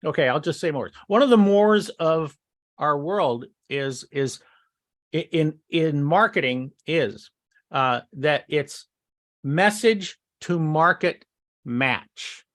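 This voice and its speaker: A man's voice: a little high, slow pace, a bit bright. A man co-hosting a marketing podcast, talking casually in long rambling sentences with many restarts. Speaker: podcast co-host. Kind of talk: casual chat.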